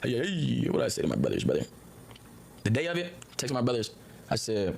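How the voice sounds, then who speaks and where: A man's voice: medium pitch, huge pitch swings, fairly quick, vocal fry, slight background noise. A man on a livestream clip, talking in a rambling, heated way and repeating "you feel me" and "you know what I'm saying.". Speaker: streamer in a played clip. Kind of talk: heated casual livestream talk.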